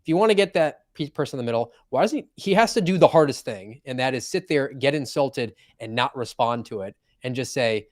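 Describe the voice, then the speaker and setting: A man co-hosting a podcast, talking through politics in a brisk, analytical way as he thinks aloud. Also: medium pitch. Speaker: podcast co-host. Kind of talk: casual political commentary.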